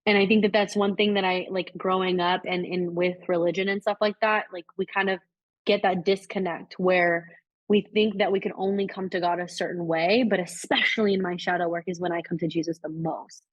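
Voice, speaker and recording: A woman's voice: lowish voice, steady tone, a little fast, no echo. A woman co-hosting a podcast, talking casually and rambling with lots of likes and restarts. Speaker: podcast co-host. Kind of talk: casual spiritual chat. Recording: dry, slightly dull sound.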